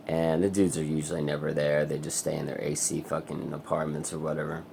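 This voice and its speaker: A man's voice: rumbling low, level tone, a little fast, creaky, a little mellow, slight background noise. A man angrily ranting in a personal vlog, swearing a lot. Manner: angry, profane ranting. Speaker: vlogger. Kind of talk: vlog rant.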